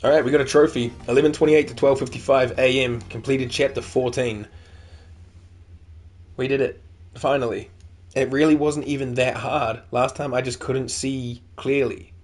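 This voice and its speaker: A man's voice: mid-range voice, fairly even intonation, normal speed, darkish tone. A man giving loose, casual commentary while playing a game, chatty and swearing now and then. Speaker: gaming streamer. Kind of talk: casual let's-play commentary.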